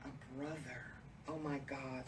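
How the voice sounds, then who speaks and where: A woman's voice: a bass voice, little pitch movement, takes it slowly. A woman hosting a radio talk show, effusive and emotional, speaking straight to her audience. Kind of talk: interview chat. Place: radio studio. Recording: distant mic with clear background noise.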